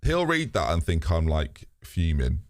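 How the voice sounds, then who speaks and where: A British man hosts a casual live stream, sitting low in pitch but swinging it hugely while keeping a measured pace. He rambles to viewers, swears freely and laughs frequently, recorded in clean studio quality with no room sound.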